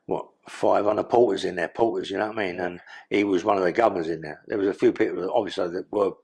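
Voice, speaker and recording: An older man with a London accent tells his story in a blunt, streetwise way, swearing freely. His voice sits low and comes out gravelly. It also has a husky edge. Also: steady tone, fast talker, a little mellow. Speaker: guest. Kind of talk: storytelling interview.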